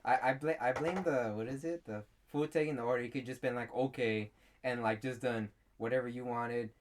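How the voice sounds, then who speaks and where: A man's voice: medium pitch, fairly even intonation, a little fast. A young man, a podcast co-host, in laid-back, dismissive casual chat.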